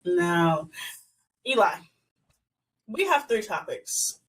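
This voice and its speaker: A woman's voice: on the low side, big pitch swings, very slow, fairly bright tone, slightly rough, faint music behind, rough recording. A young woman hosting a casual comedy chat show, bubbly and giggly. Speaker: host.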